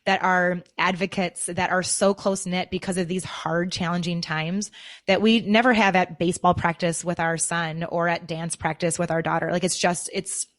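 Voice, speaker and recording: A young woman, a guest on a podcast, speaks with heartfelt earnestness and is close to tears. Her voice sits slightly low for a woman, warm and sincere in how she phrases things. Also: little pitch movement, normal speed. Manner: earnest, heartfelt, emotional storytelling. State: tearing up. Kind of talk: conversational interview.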